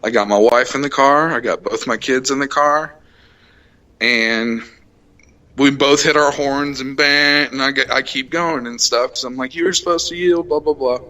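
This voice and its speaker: A young adult man hosting a casual podcast, telling a heated, profane road-rage story and acting out the shouting. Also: mid-range voice, fairly even intonation, unhurried. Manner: profane, heated retelling, acts out shouted quotes. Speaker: podcast host.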